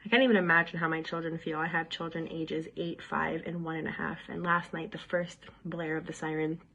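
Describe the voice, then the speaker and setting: A woman in her thirties, speaking to the camera about her own experience in an earnest, steady way. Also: deep voice, fairly quick, highs cut off. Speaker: staff member sharing her experience. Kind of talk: direct-to-camera personal account.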